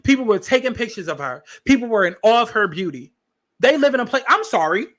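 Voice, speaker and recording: Fired-up, bright-toned podcast host. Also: male voice, extremely high pitch, big pitch swings, fast talker. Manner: profane, emphatic, repeats lines for stress. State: agitated. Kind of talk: heated podcast rant.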